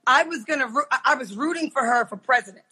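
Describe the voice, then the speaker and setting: A raspy woman with a high, sharp-edged voice, chatting as a guest over a video call. She tells her stories with lively acted-out quotes and laughs often. Her tone is bright and forceful. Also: fast, poor audio. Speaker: guest, football coach. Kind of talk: casual interview chat.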